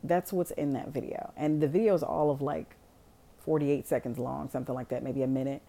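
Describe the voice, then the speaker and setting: A woman's voice: extremely low pitch, fairly quick. A woman casually retelling a film plot, swearing freely and acting out the characters' lines. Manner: animated, swears freely, acts out quotes. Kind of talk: casual storytelling.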